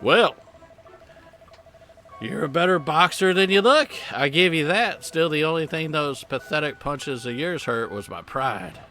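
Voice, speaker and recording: A man's voice: on the high side, animated, measured pace, pushed and bright, pitched above the performer's own voice. A man voicing a cocky, taunting sailor who picks fights, in a put-on Southern drawl. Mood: mocking. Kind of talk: reading game dialogue aloud.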